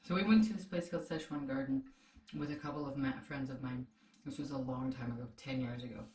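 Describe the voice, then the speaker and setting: A snack tasting show's female co-host chats casually while sampling snacks, giggling and teasing her partner. Her voice is low and darkish, steady in tone and quick, and it sounds like it's in a distant, echoey room.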